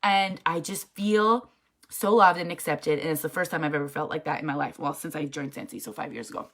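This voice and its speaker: A woman's voice: low-pitched, brisk, a bit bright. Emphatic, chatty woman giving motivational tips. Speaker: network marketing team leader. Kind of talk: casual motivational talk.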